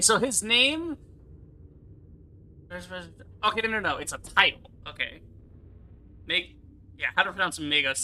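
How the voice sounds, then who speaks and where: Excitable young American gamer, bright piercing tone, rambling casual commentary. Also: male voice, high voice, low-quality recording. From United States. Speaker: let's play YouTuber.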